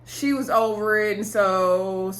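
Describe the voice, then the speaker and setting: A woman's voice: mid-range voice, slow, a bit bright. A young adult woman recapping a reality show in a casual, gossipy way, laughing and acting out what people said. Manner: gossipy, laughs and acts out quotes.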